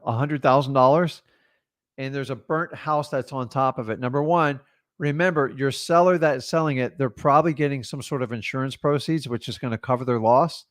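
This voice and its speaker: Casual and animated, a man fields live questions as a real estate coach, talking bluntly and leaning on "like" and "man." His voice sits in the mid range.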